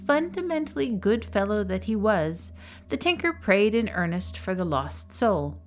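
A woman narrating a serialized folk tale with lively, expressive storytelling. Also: medium pitch, unhurried. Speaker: narrator and author.

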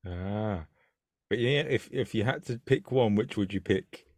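A man's voice: on the low side, unhurried, no echo, studio quality. A man hosting a casual interview, asking questions with lots of stumbling restarts. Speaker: interview host.

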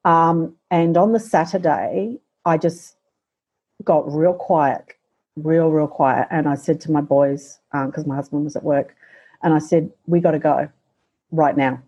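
A middle-aged woman with a somewhat low, husky voice shares a personal story in an interview. Her tone is mellow and soft-edged. She speaks haltingly and reflectively, often pausing and restarting. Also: steady tone, highs cut off. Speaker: guest.

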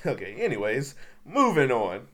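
A man's voice: mid-range voice, huge pitch swings, normal speed, very noisy. Dry, mock-offended man co-host. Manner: dry, mock-indignant teasing. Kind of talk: casual chat.

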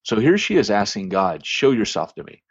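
A man's voice: lowish voice, big pitch swings, moderate pace, slightly rough, no echo. A man hosting a podcast, telling a long church story in a rambling, casual way with many ums and restarts. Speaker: podcast host. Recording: dry, dull lo-fi sound.

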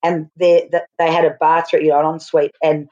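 A middle-aged woman co-hosting a podcast, telling stories in an animated, chatty way. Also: low-pitched, brisk. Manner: animated storyteller. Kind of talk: casual chat. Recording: slightly dull lo-fi sound.

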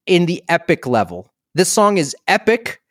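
A podcast co-host with a high-sitting, very animated voice chats casually at a moderate pace and laughs a lot. The recording is dry and clean, with studio sound.

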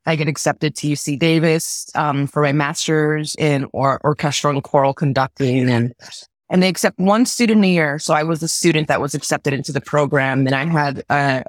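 A woman from Southern California, a conductor, telling a personal story in an interview, earnest and halting, repeating words when moved. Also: low voice, dry recording. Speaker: guest, orchestra conductor.

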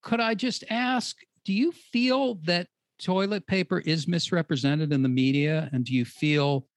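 A woman hosting a talk show, earnest and encouraging, with some halting restarts. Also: fairly low pitch, no echo, studio quality. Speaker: host.

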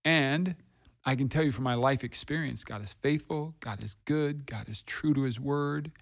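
A man's voice: mid-range voice, moderate pace, creaky. A middle-aged man, a pastor, talking candidly and earnestly about his faith and hard times, repeating phrases for emphasis. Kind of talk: candid conversational testimony.

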